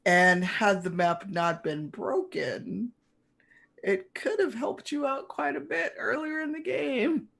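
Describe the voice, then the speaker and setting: A woman narrating a tabletop game as game master, in a relaxed, descriptive way. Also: fairly high pitch, slow, vocal fry.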